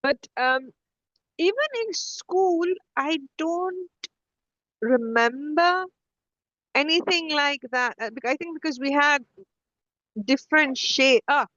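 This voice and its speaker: Middle-aged woman co-host, chatty animated storyteller, slightly high voice, dry dull lo-fi sound. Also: takes it slowly, long pauses, dry recording. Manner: animated storytelling with many restarts. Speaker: podcast co-host. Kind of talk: casual conversation.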